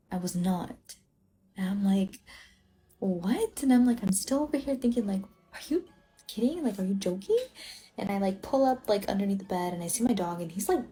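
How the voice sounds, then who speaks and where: A woman's voice: mid-range voice, dark tone. A young adult woman from Illinois telling a personal ghost story in a casual, rambling way, full of filler words.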